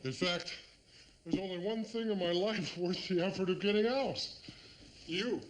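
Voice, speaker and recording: An actor playing a bitter man bent on revenge, who speaks in a quietly menacing way, in a television drama. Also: sits high, normal speed, a little hiss or hum, close to an everyday voice, low-quality recording.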